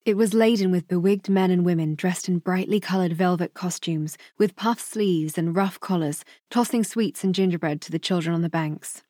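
Woman audiobook narrator, lowish voice, steady delivery, dry booth sound. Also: dry recording. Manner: measured, even storytelling.

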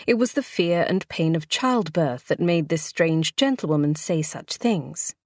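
Casting: female audiobook narrator, lower register, dry close studio sound, measured expressive storytelling. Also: dry recording. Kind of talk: scripted narration.

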